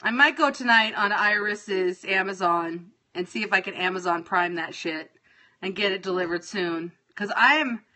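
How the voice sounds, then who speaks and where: Bright-voiced woman ranting on a livestream. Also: mid-range voice, normal speed. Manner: swears freely, swings from loud venting to calm muttering. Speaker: livestream host. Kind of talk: casual livestream rant. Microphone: phone livestream.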